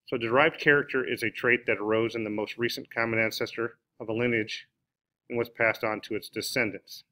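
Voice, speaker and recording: In a recorded class lesson, a male biology teacher whose voice sits on the low side, bright and forceful, explains the material off the cuff. His delivery is unscripted, full of fillers like "uh" and repeated restarts.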